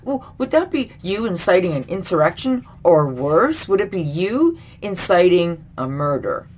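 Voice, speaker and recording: A woman's voice: on the low side, big pitch swings, measured pace, a little mellow, slightly rough. A middle-aged woman vlogger ranting bluntly and with lots of swearing in a casual commentary. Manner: blunt, profane, indignant.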